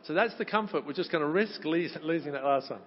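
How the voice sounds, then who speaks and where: A man's voice: fairly high pitch, animated, quick pace. A man from Wales with a Welsh accent, leading a crowd in a sing-along as a chatty, encouraging choir leader. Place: large hall at a conference. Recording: echoey hall, dull sound.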